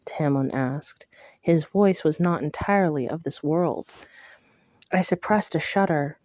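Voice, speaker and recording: A woman reading a first-person novel aloud in a hushed, intimate way. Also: fairly low pitch, a little slow, dry recording, clean studio sound. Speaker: audiobook reader.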